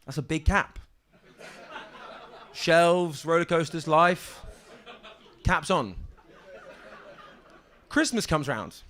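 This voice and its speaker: A young man doing a stand-up set on a club stage, with a halting deadpan delivery full of ums and restarts. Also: fairly high pitch. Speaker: stand-up comedian. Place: comedy club stage with audience. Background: audience laughter.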